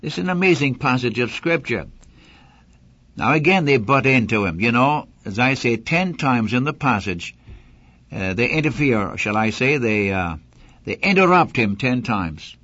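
A man's voice: mid-range voice, lively intonation, normal speed, fairly bright tone, no room sound. A man teaching a sermon-style Bible lesson in an earnest, emphatic way, speaking directly to the listener. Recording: dull dry old broadcast recording.

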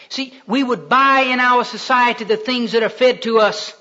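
A man preaching a sermon as a storyteller, swinging between loud emphasis and hushed delivery. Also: very high-pitched, moderate pace, few pauses. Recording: dull lo-fi recording.

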